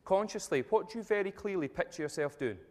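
A man giving a jokey, energetic talk to a live audience, telling stories and speaking directly to the crowd. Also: sits high, quick pace. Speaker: motivational speaker. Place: event room with tables and audience. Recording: long reverb of a large hall.

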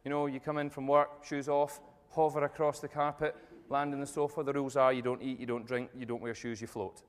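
A man giving a jokey, energetic talk to a live audience, telling stories and speaking directly to the crowd. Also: mid-range voice, brisk, smooth. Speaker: motivational speaker. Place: event room with tables and audience. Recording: long reverb of a large hall.

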